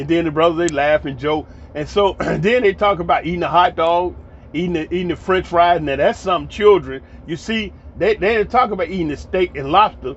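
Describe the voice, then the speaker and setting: A folksy storyteller vlogger in his fifties from Atlanta, Georgia, rambles through a casual monologue in a slightly high voice, talking fairly quickly and repeating words whenever he restarts. The audio is dull, lo-fi and muffled, with faint background noise.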